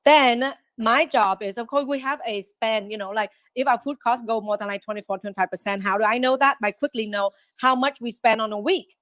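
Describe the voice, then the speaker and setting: A woman running a restaurant, a guest on a podcast interview, talking in an animated way and often acting out quick quotes. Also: a little high, no echo. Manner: animated, quotes herself and staff in lively asides.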